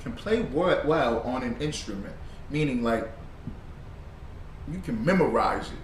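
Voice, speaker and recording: A man's voice: medium pitch, lively intonation, unhurried, a little hiss or hum. A man teaching a religious brotherhood class in a slangy, conversational way, quizzing his students in call and response. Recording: roomy room, distant mic.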